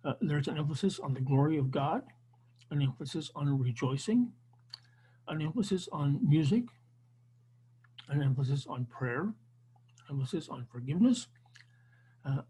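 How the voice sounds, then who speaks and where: A man's voice: on the high side, lively intonation, moderate pace, pauses often, dark tone, slightly rough, poor audio. A man teaching an online Bible class, lecturing unscripted with frequent restarts and fillers over a video call.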